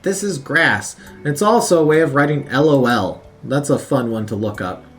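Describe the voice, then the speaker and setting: A man's voice: mid-range voice, moderate pace, a bit bright, soft background music. A man thinking aloud as he studies vocabulary, repeating words over and over with many fillers, at his work computer on a lunch break. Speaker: language learner studying on video. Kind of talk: casual study commentary.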